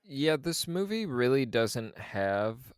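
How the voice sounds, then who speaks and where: A man's voice: mid-range voice, sing-song, slow pace, clean tone, dry recording, clean studio sound. A man co-hosting a podcast, chatting casually about a film in a laid-back, rambling way, laughing now and then. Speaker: podcast co-host.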